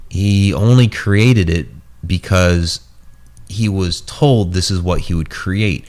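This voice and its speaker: A man hosting a casual podcast chat, rambling with many fillers and restarts as he starts to lose his voice. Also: low-pitched. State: losing his voice. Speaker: host.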